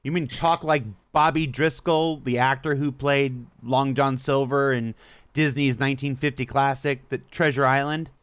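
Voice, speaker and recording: A man's voice: mid-range voice, steady tone, normal speed, clear, resonant tone, dry recording. A man hosting a livestream, reading viewer questions aloud and adding chatty, sarcastic asides. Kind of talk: casual chat.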